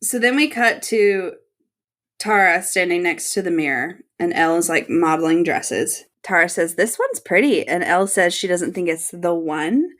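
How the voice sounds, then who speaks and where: A woman co-hosting a podcast, recapping a TV episode in casual chat, animated and laughing often. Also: fairly low pitch, normal speed. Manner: animated, laughs often, reads out her notes. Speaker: podcast co-host.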